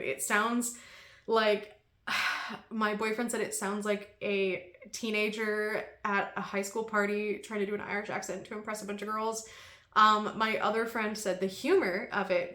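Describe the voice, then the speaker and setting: A woman's voice: medium pitch, fairly even intonation, normal speed, pushed and bright. A woman book vlogger in casual chat, talking with many ums and frequent laughs. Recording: echoey room.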